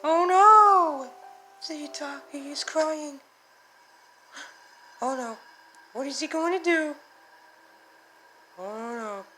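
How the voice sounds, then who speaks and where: A woman hosting her own reaction video, chatting casually and breaking into excitable, gasping exclamations. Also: high-pitched, slow pace, pauses often, faint music behind. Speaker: reaction channel host.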